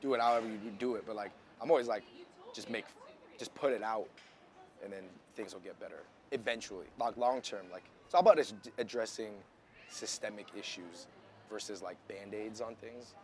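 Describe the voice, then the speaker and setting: A man's voice: lowish voice, a little fast. A man chatting loosely in a casual interview, with many likes and restarts, recorded outside.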